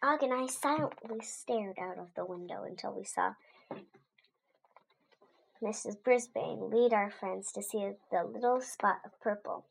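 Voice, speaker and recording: A woman's voice: mid-range voice, measured pace, creaky, a little hiss or hum, low-quality recording. A woman reading a children's book aloud expressively, adding short asides to her listeners. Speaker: storybook reader.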